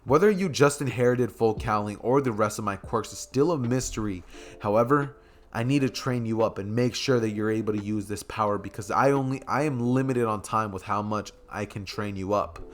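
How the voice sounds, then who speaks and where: A man's voice: fairly low pitch, brisk, close to an everyday voice. Deku, a man voicing a friendly young hero mentor. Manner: easygoing, hesitant with fillers.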